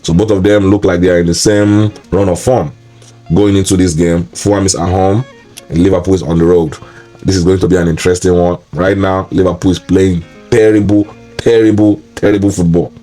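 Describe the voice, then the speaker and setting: This show host previews a football match on his own, his exasperated rant looping back on itself. He speaks briskly in a low, mellow voice with a flat delivery, over faint background music.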